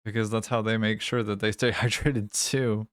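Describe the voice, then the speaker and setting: A man's voice: on the low side, level tone, moderate pace, no echo, studio quality. A man streaming a game, chatting casually, joking and swearing freely, speaking English as a second language. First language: not English. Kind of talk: casual live-stream chat while playing.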